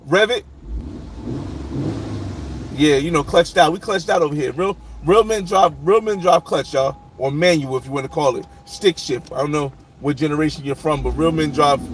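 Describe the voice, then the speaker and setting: High-voiced man livestreaming while driving. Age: adult. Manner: talks to chat, reading names and shouting out viewers. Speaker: livestream host. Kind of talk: casual live chat while driving. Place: inside a moving car. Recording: road and engine noise behind.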